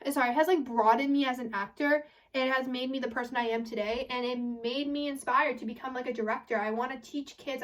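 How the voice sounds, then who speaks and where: A young woman of about eighteen, a high school senior, chatting casually to her viewers, rambling and restarting her sentences. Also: recorded from a distance. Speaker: vlogger. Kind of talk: casual chat to camera.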